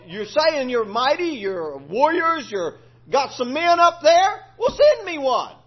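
A preacher voicing a boastful male giant warrior who hurls mocking trash talk, pitched up high. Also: big pitch swings, slow, exaggerated voice. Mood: taunting. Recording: lo-fi recording.

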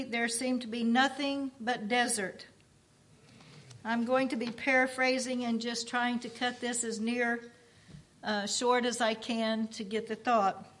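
A woman reading a book aloud at a church service, paraphrasing as she goes in a measured, earnest way. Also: on the high side, fairly bright tone.

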